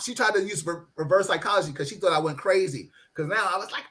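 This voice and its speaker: A middle-aged man spins a long childhood tale in relaxed, casual conversation. His voice sits a little high for a man, and he keeps breaking into laughter and acting out the people in his story. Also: fast talker.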